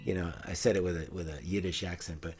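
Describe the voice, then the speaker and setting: Rambling middle-aged man, fairly low voice. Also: steady tone, fast, faint music behind. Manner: rambling, warm-hearted, breaks into singing. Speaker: host. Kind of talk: casual livestream chat.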